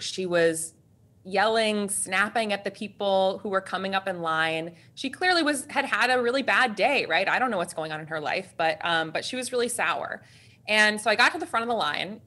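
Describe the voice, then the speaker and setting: A woman in her thirties, an executive coach, telling a story with lively, laughing energy in an interview. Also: mid-range voice.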